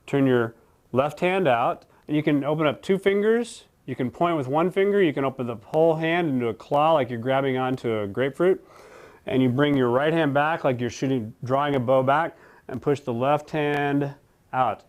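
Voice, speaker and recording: A man leads a qigong class with calm, unhurried breathing and movement cues. His voice is smooth and resonant, mid-pitched, with long pauses between instructions. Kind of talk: guided exercise instruction.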